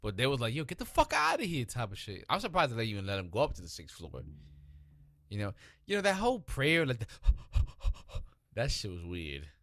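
Animated, profane man in casual talk. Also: fairly low pitch, no room sound, clean studio sound. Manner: animated, profane, restless, quick to interrupt. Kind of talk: casual chat.

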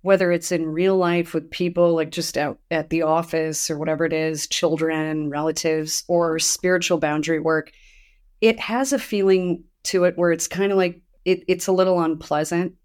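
A woman's voice: deep voice, normal speed, smooth. A woman hosting a podcast in casual chat, telling stories animatedly and acting out quotes. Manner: animated storyteller, acts out quotes. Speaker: podcast host.

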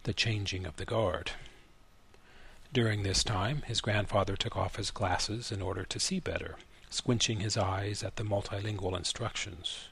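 A man narrating a literary short story in a measured, even way. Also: lowish voice, gravelly, husky. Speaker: story reader.

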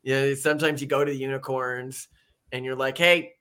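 Bright-voiced sarcastic male podcaster. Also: medium pitch, level tone, a little fast, clean tone. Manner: mocking, acts out quoted voices in exaggerated tones. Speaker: podcast co-host. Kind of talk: casual sarcastic commentary.

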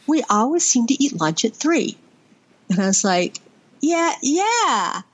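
A woman's voice: fairly high pitch, sing-song, normal speed, breathy edge. A middle-aged woman from Vermont, a podcast guest, telling a story in a rambling, fond way with many fillers. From Vermont, USA. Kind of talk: conversational storytelling.

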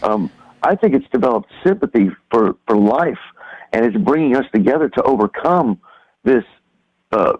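Man, radio caller, halting conspiratorial rambler, muffled lo-fi line. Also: mid-range voice, big pitch swings. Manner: halting, many restarts and fillers, conspiratorial. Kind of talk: rambling call-in talk. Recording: dull lo-fi phone-in line.

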